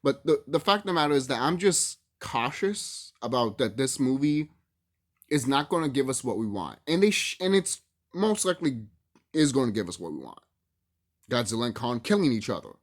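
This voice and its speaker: A man's voice: medium pitch, very animated, normal speed. A man casually ranting to his viewers, swearing freely, laughing often and repeating himself for emphasis. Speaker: YouTube movie commentator. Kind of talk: casual rant to camera.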